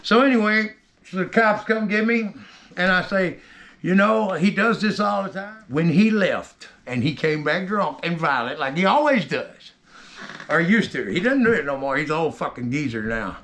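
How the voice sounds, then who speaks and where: A man telling a rough story from his own past in casual, rambling talk, heavy with cursing. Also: on the high side, lively intonation, moderate pace, a bit bright.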